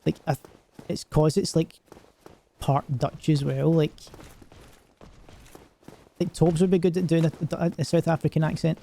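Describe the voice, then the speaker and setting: A man's voice: on the high side, steady tone, unhurried, vocal fry, long pauses, dark tone. A man streaming a game, chatting casually and joking in a rambling way with lots of filler words. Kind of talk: casual gaming stream commentary.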